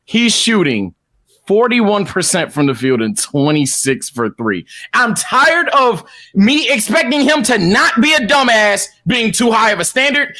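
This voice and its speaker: A man with a very high, bright voice rants on a casual podcast. He sounds exasperated and profane, piling up repeated words, and his pitch swings widely as he pushes his points. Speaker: podcast co-host.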